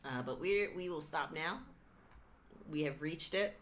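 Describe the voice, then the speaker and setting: A woman's voice: low-pitched, measured pace, slight background noise. A woman serving as game master, narrating and wrapping up a tabletop game session over a voice call, rambling and reassuring with many fillers.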